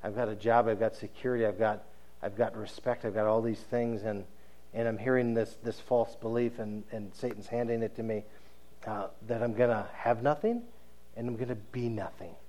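A man's voice: fairly low pitch, steady tone, normal speed, a little mellow, voice pushed down, natural voice, low-quality recording. A man voicing a torn, anxious male council member who frets over what he stands to lose. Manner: fretful, listing what he has.

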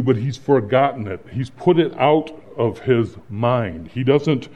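Middle-aged male pastor, mid-pitched, earnest conversational sermon delivery, muffled lo-fi recording. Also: animated, darkish tone. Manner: conversational, earnest, pauses and restarts, rising to emphatic points. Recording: slightly dull, lo-fi sound.

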